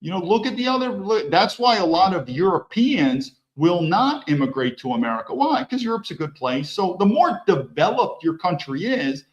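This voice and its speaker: A man's voice: high voice, sing-song, moderate pace, hardly any pauses, lo-fi sound. A man hosting a political commentary show, reacting bluntly to news clips with mocking asides.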